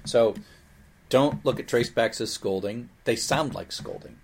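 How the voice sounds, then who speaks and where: A man teaching programming in a recorded lecture, explaining in a lively way with playful asides. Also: mid-range voice, unhurried, creaky, breathy edge. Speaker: programming instructor.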